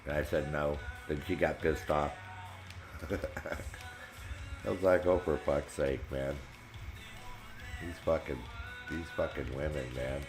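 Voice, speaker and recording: A man telling a profane, animated story while streaming a game. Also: very deep voice, slow pace, long pauses, over music, poor audio. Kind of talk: casual storytelling while gaming.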